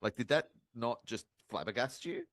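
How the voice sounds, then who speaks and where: A man co-hosting a casual film review podcast, ranting with animated disbelief. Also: medium pitch, normal speed, slight background noise. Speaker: podcast co-host.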